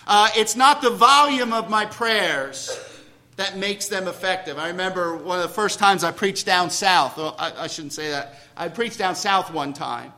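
A man with a high-pitched, sharp voice preaches at a moderate pace to a church congregation. He keeps it conversational, posing questions and cracking self-deprecating jokes.

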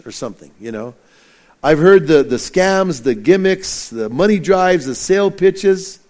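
A man's voice: fairly high pitch, animated, a little slow, a little mellow. A middle-aged man preaching a casual, joking sermon as pastor, stumbling and restarting often. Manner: folksy, joking, many restarts. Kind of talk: conversational sermon.

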